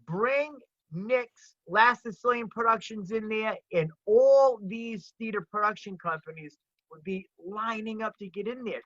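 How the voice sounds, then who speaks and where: An older man with a Rhode Island accent and a high voice, appearing as a comedian guest, tells stories in an animated, emphatic way during a casual video-call chat. The call audio is dull and lo-fi, with no room sound.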